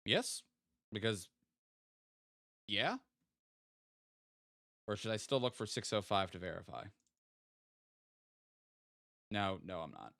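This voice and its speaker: A man's voice: fairly low pitch, lively intonation, slow pace, creaky, pauses often, bright, forceful tone, no echo, clean studio sound. A man streaming a geography guessing game, thinking aloud and playfully teasing his chat as he goes. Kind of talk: casual live-stream game commentary.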